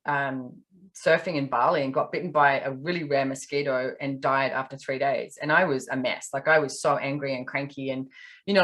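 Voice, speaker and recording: A woman's voice: low voice, a bit bright. A woman from Australia, a podcast guest, telling candid personal stories in casual conversation and acting out her own thoughts.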